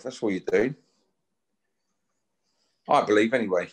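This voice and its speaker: A man's voice: on the low side, moderate pace, pauses often. A man, talking bluntly and confrontationally as a guest in a casual chat, swearing often as he issues a challenge. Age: 50s.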